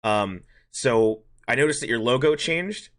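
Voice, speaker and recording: A man's voice: mid-range voice, expressive, fairly bright tone. A man hosting a podcast, rambling through a work story in casual chat and acting out both sides of the dialogue. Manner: fast, rambling anecdote with acted-out dialogue. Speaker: podcast host.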